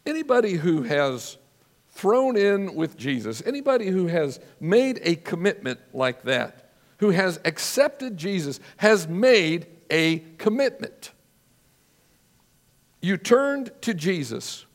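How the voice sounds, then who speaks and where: A man preaching a sermon as a pastor, earnest and measured, telling stories with drama. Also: high-pitched, big pitch swings, in a large hall.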